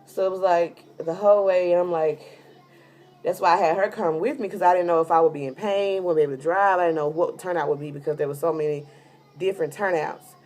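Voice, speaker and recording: A woman with a lowish voice talks through a casual vlog update. She is heavily pregnant and tired, and she rambles chattily with plenty of fillers as she tells her story. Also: steady tone, brisk, a little mellow. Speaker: vlogger giving a pregnancy update.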